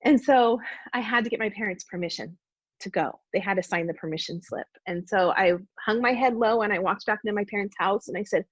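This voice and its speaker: Woman, earnest storyteller, husky voice, dry close mic. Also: medium pitch, brisk, no echo. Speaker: podcast guest. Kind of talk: personal testimony in conversation. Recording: dull, dry podcast audio.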